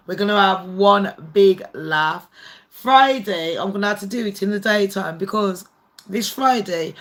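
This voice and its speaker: A woman's voice: mid-range voice, fairly bright tone. A woman hosting a casual live stream, chatty, swearing freely and laughing often. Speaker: livestream host.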